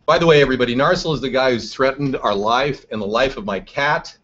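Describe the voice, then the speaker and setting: A man with a medium-pitched voice hosts a live political chat show, reading viewers' chat comments aloud and firing back at them combatively. The sound is dull and lo-fi. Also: fast talker, fairly bright tone. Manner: reads and answers chat, combative. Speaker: host. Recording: dull lo-fi stream audio.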